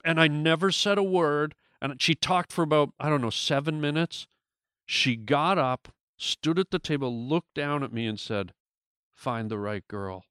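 A man's voice: on the high side, normal speed, a bit bright, clear, resonant tone, dry recording, clean studio sound. A man, a guest comedian, telling a story in casual talk, with lots of restarts and acted-out quotes.

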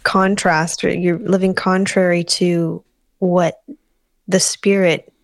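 A woman co-hosting a podcast, talking through her thoughts slowly and searching for the right words. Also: on the low side, level tone, no echo. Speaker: podcast co-host. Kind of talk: casual discussion.

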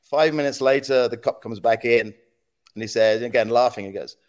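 In a casual interview, a podcast guest who formerly ran a news agency tells animated tales, acting out quotes and sound effects between frequent laughs. He speaks with a mid-range voice at normal speed.

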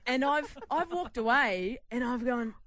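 A woman's voice: fairly high pitch, animated, a little slow, very noisy. Give me a laughing young woman. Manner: laughing storyteller. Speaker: guest footballer. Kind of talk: casual chat.

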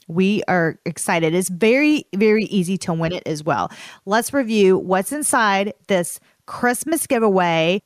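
An upbeat woman hosting a beauty podcast, teasing her co-host and joking. Her voice sits in a middle pitch, dry and near the mic. She moves briskly through her segment. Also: dry recording. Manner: upbeat, laughing, playful teasing. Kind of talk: casual chat.

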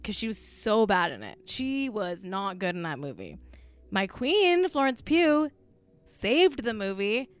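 A woman's voice: medium pitch, big pitch swings, unhurried, clean tone, no room sound, soft background music. A woman co-hosting a casual podcast chat, gossipy and blunt, peppering her talk with "like.". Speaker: podcast co-host.

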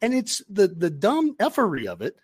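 A man's voice: high-pitched, wildly swooping pitch, moderate pace, a little mellow, breathy edge, no echo. A man on a sports podcast talks football casually, and his voice climbs sharply whenever he gets worked up. The sound is dry and close, with no room around it. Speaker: podcast co-host.

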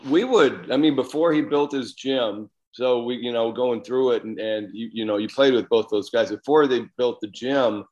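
A man's voice: medium pitch, normal speed, few pauses, dull audio. A man co-hosting a podcast, casually adding his own memories to a shared story. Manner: relaxed, chiming in with his own side of the story. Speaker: podcast co-host, former player. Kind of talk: casual chat.

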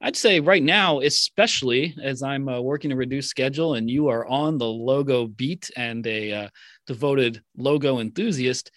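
Deadpan male podcast regular. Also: mid-range voice, moderate pace, no echo. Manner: dry, deadpan humor. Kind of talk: casual podcast chat.

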